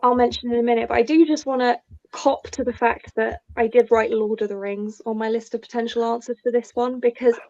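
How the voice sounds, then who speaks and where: Fairly high-voiced woman, dull lo-fi sound. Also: steady tone, brisk, a little mellow. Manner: apologetic, self-deprecating, laughs between phrases. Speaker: podcast co-host. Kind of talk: casual book chat.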